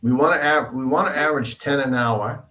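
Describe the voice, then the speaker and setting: A man's voice: medium pitch, brisk, bright, forceful tone. A man with a mid-range voice chats over a video call. He teases and jokes, easygoing, as he tallies his calls. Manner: playful, teasing, joking. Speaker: real estate agent cold calling.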